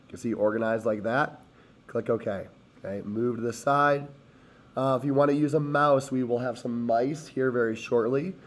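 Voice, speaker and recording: A hoarse man teaching, talking step by step through a screen-recorded CAD tutorial as he clicks. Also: medium pitch, normal speed. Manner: step-by-step, talks while clicking.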